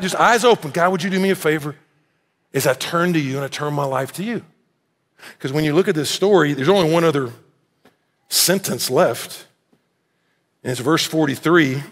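A man preaches in a fairly high voice, swinging into lively acted-out voices as he tells the story. His words ring out through a church sanctuary with a long hall echo. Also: vocal fry. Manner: animated storytelling, acts out quoted voices. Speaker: pastor. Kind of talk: sermon.

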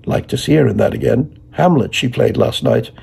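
Gravelly, very husky male reader. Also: medium pitch, huge pitch swings, normal speed, a little mellow. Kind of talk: literary audiobook reading.

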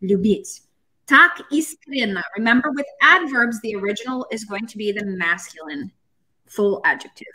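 A woman's voice: mid-range voice, lively intonation, moderate pace, sharp tone, breathy edge, poor audio. A woman teaching a language lesson on a live stream, explaining step by step and chatting with viewers. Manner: chatty, explains step by step, reads chat comments.

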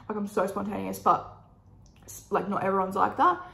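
A young woman with an Australian accent and a croaky, hoarse voice, chatting casually and upbeat with lots of fillers while doing her makeup. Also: mid-range voice, normal speed, a bit bright, reverberant. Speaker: beauty vlogger.

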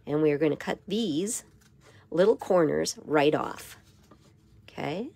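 A hoarse woman with a raspy voice giving a step-by-step papercraft tutorial in her craft studio. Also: deep voice, expressive, takes it slowly, a little mellow, dry recording. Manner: step-by-step instruction with frequent okays. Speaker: papercraft demonstrator.

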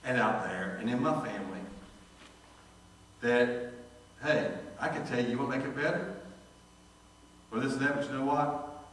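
A man, a pastor preaching a sermon and telling folksy stories, quoting the people in them with lively voices. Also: mid-range voice, measured pace, long pauses, a little hiss or hum. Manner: folksy storytelling, animated quoting of others. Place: church sanctuary. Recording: distant echoey church recording.

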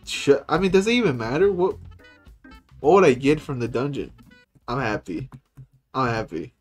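Excitable young-sounding male game streamer. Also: moderate pace, faint music behind. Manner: reads game dialogue aloud, often jumps up into excited high-pitched reactions. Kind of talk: casual gaming commentary.

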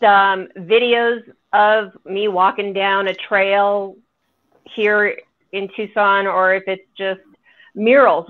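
Panel guest: woman, mid-pitched, relaxed chat, muffled lo-fi audio. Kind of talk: casual livestream chat.

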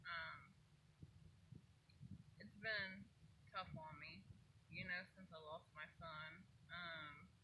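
A woman's voice: on the low side, steady tone, takes it slowly, pauses often, sharp tone, a little hiss or hum, low-quality recording. A grieving mother speaks in an earnest, heartfelt way about faith and loss, her voice rising with emotion. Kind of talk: personal testimony vlog.

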